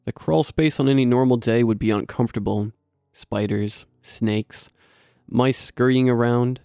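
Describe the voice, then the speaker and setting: A man reading a horror story aloud in steady, grim, scripted narration. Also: mid-range voice, measured pace, clean tone, no echo, clean studio sound.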